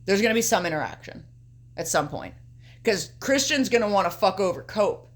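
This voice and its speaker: A woman's voice: mid-range voice, lively intonation, brisk. A young woman co-hosting a casual podcast, talking at length in a loose, offhand way and swearing freely. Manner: casual, swears often, talks through her picks at length. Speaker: podcast co-host. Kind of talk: casual chat.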